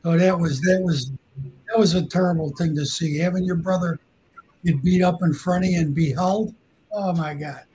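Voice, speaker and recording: A man's voice: sits high, steady tone, normal speed, dark tone, a little hiss or hum. An older man tells a story bluntly and profanely, acting out the lines of the people in it. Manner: blunt, profane, acts out quoted dialogue. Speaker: guest storyteller. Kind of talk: casual storytelling on a live stream.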